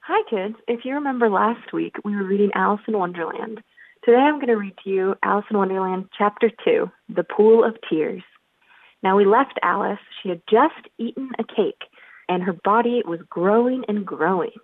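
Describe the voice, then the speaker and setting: A woman reading a children's storybook aloud in a gentle, clear voice. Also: mid-range voice, fairly quick, dry recording. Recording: tinny phone-like line.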